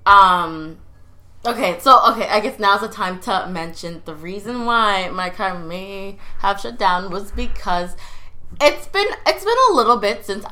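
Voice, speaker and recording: A woman, tells a story in casual chat on a podcast, animated and laughing, with lots of "like". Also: medium pitch, measured pace. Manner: animated, says "like" a lot, laughs often. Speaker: podcast guest.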